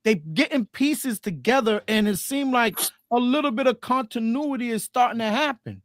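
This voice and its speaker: A man's voice: very high voice, normal speed, no room sound, clean studio sound. A man hosting a casual sports podcast, talkative and prone to repeating words as he builds a point. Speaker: podcast host.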